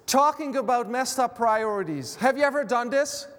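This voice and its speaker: High-voiced preacher in a reverberant hall. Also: male voice, a bit bright. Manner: halting, many fillers and restarts. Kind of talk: sermon with personal anecdote.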